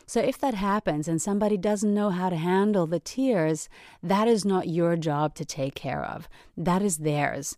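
A woman's voice: on the low side, normal speed, a little mellow, no room sound, clean studio sound. A woman hosting a podcast, talking earnestly and emphatically, often checking in with "right?". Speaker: podcast host. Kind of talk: reflective solo podcast talk.

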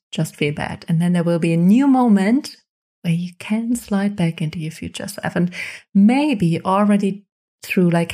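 A woman's voice: lowish voice, warm tone. A woman hosting a podcast, giving motivational self-help advice in an encouraging, repetitive way, speaking straight to the listener into a microphone. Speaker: podcast host. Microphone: studio microphone.

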